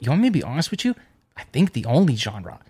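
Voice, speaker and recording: A man's voice: medium pitch, sing-song, fast, a little mellow, husky. A man co-hosting a podcast in casual chat, teasing his co-host and laughing often.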